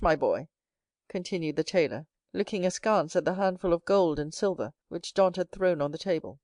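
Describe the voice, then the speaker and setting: A woman reading a classic novel aloud as an audiobook narrator, voicing each character herself and lifting her pitch for the young hero. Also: darkish tone, no room sound, studio quality. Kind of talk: scripted narration.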